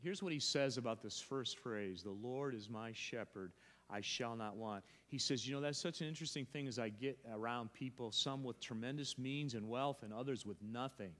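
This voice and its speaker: A man's voice: medium pitch, normal speed, fairly bright tone. Man preaching in a reverberant church. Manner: emphatic, repeats phrases, frequent restarts. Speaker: pastor. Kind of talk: sermon. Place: church sanctuary.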